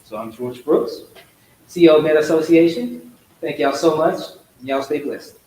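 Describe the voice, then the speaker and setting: A man's voice: fairly high pitch, measured pace. A man giving a heartfelt, grateful speech at a live event. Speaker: guest speaker, company head. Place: hotel event hall. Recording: echoey hall, faint noise.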